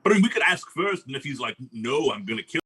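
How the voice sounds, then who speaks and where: A man's voice: medium pitch, very animated, fast talker, sharp tone, slightly rough. A man playing in a comedic tabletop game, cautious and stumbling over his words. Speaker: player. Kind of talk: comedic tabletop role-play.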